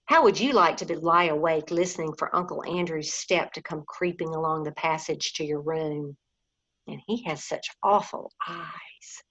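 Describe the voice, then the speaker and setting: A woman's voice: deep voice, moderate pace. A woman voicing a miserable, wound-up young boy in a storybook reading. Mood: grim. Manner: upset, speaking louder. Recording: dull lo-fi recording.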